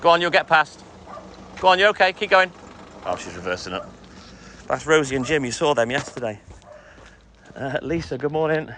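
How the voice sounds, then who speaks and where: His voice is a little high and sharp, animated at a moderate pace and often pausing, with a faint hiss or hum behind it. This middle-aged self-employed milkman live-streams his night delivery round, casually greeting viewers and answering comments between stops.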